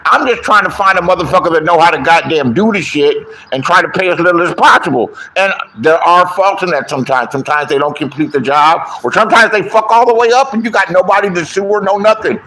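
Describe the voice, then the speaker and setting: Sitting high in pitch, this middle-aged man talks quickly with few pauses and a sharp edge. A self-styled comedian, troll and online commentator, he delivers a profane, boastful storytelling rant, imitating others' words in mocking voices.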